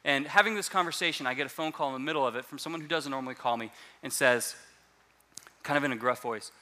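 A man preaching a sermon as a pastor, telling a personal testimony in an animated way and often repeating words as he restarts. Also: medium pitch, fast.

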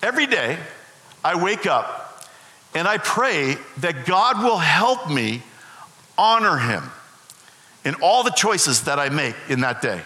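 A man's voice: fairly high pitch, very animated, slow pace, pauses often, pushed and bright. A middle-aged man preaching a sermon as pastor, emphatic and repeating his key phrases. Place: church sanctuary. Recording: echoey hall with long reverb.

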